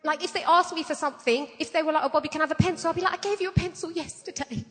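Earnest high-voiced woman sharing testimony. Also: fairly even intonation, racing, in a large hall, soft background music. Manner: earnest, tearful, laughing at herself. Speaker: artist sharing a faith testimony. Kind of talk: personal testimony.

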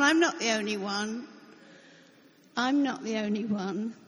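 A woman preaching a sermon, slow and emphatic, with light joking asides. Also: on the high side, fairly bright tone, in a large hall, rough recording.

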